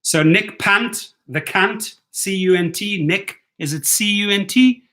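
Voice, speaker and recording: A man's voice: high voice, measured pace, sharp tone. A man with a South African accent hosting a casual live stream, reading out viewer questions and answering them in a chatty, blunt way. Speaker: livestream host answering viewer chat.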